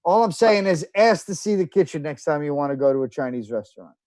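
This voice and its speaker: A man's voice: fairly high pitch, animated, quick pace, darkish tone, no echo. A man co-hosting a casual talk show, wisecracking and teasing the others. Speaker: co-host. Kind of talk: casual chat.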